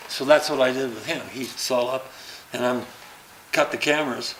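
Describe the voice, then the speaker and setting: A man's voice: a little high, moderate pace. An older man, an interview guest, telling anecdotes in casual chat and acting out the dialogue he quotes. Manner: lively storyteller who acts out quoted dialogue. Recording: roomy echo with faint background noise.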